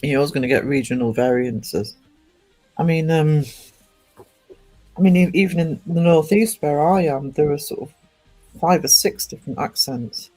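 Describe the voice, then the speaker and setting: A man's voice: fairly high pitch, moderate pace, pauses often, mellow, soft background music. A man streaming live, chatting casually in a rambling way full of ums and restarts.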